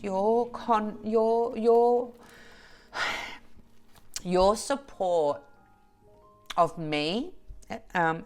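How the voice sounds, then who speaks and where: A woman vlogger chatting to camera, slow and halting with restarts and soft laughs, teary and emotional. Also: medium pitch. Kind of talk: emotional casual chat to camera.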